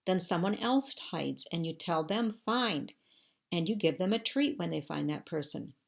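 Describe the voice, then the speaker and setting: A woman's voice: on the low side, lively intonation, a little slow, creaky. A woman doing earnest young American rescue man. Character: eager young American rescue worker man, kind to dogs.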